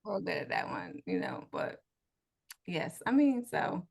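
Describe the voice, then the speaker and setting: A woman's voice: lowish voice, wildly swooping pitch, unhurried, creaky, a little mellow, husky. A woman co-hosting a casual podcast over a video call, telling stories with laughter and acting out quotes. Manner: storytelling, laughing, acts out quotes. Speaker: podcast co-host. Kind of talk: casual chat.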